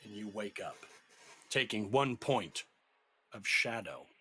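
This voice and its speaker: A male game master narrates a tabletop game slowly and dramatically. His low voice has a bright, forceful edge, with faint music playing behind. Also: lively intonation, slightly rough. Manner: dramatic, measured storytelling.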